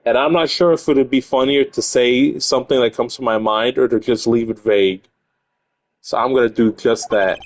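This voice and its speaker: A man's voice: medium pitch, fairly even intonation, moderate pace, soft background music. Rambling, foul-mouthed male streamer. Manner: rambling, swears casually. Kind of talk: casual gaming stream chat.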